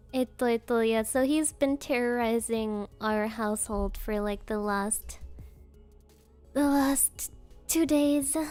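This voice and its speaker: Slow-talking high-voiced young woman streamer. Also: a little mellow. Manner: rambling, giggly, playful voices when quoting. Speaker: VTuber streamer. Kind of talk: casual stream chat.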